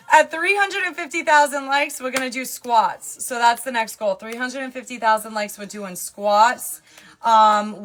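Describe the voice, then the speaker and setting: Sarcastic New woman livestreaming. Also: fairly high pitch. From New York. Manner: sarcastic, teasing, loud and lively. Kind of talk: casual live-stream chat, reading comments.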